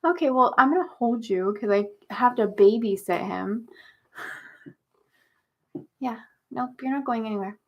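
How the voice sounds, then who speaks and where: Young woman, livestream host, slightly high voice, slow unhurried chat, coos at her cat. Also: highs cut off. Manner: chatty, talks baby talk to her cat.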